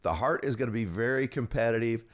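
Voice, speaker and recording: A man hosts a sports talk podcast in an easy, chatty way, swapping stories with his guest. His voice sits in a middle pitch and sounds friendly. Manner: friendly, chatty, quick to laugh along. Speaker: podcast host. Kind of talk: casual sports interview.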